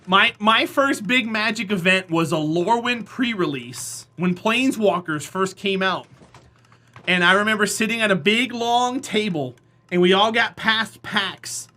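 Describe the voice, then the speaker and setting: Speaking at a medium pitch and an unhurried pace, a live streamer spins rambling, lively stories for viewers in casual chat, frequently switching into acted voices.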